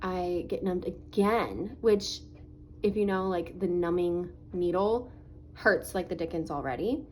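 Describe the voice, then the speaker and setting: A woman with a lowish, darkish voice tells a personal story to camera at a measured pace, the recording poor with slight background noise. Her face is swollen and sore as she talks in a chatty, "like"-filled way. The tone is earnest and shaped by faith.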